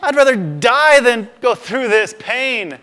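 A man's voice: very high voice, lively intonation, slow, sharp tone, voice pushed up, heavily acted. A man voicing a self-pitying prophet who wails his complaints in a raised, strained voice. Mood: whining, despairing. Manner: wailing, overwrought complaint. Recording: long reverb of a large hall.

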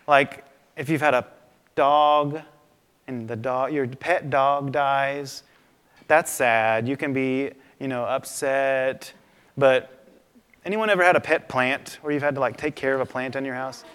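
Guy preaching a sermon, chatty and animated, mid-pitched voice, long echo in a big church. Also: unhurried, long pauses, smooth. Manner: conversational, animated storytelling preaching. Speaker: pastor. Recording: long reverb of a large hall.

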